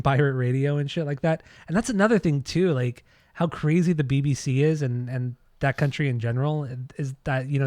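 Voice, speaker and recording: A man's voice: mid-range voice, a little mellow, no room sound, clean studio sound. An American man co-hosting a podcast in casual chat, rambling and trailing off when unsure. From United States. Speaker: podcast co-host.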